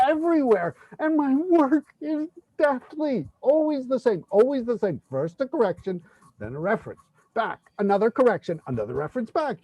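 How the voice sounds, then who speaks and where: Guy reading an overworked family man clerk, exasperated, pitched high, no room sound at all. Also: a little mellow, dry recording, poor audio. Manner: exasperated ranting, breathless complaints. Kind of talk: play reading.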